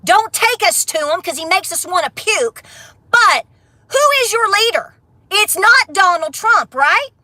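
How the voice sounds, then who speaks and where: A woman's voice: very high voice, lively intonation, unhurried, pushed and bright, no echo. A middle-aged woman, ranting bluntly on a casual livestream, then laughing and affectionate with her viewers. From Appalachia. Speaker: homestead vlogger.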